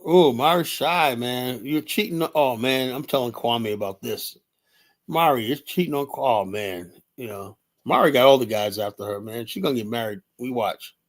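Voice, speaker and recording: A man with a mid-range voice hosts a casual live stream at normal speed, talking off the cuff. He rambles loosely, laughs often, and calls out viewers in chat by name.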